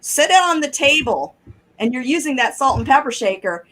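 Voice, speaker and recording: A middle-aged woman, telling animated stories on a talk show and acting out the people she quotes. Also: high voice, moderate pace. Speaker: guest caller. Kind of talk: casual storytelling on a talk show.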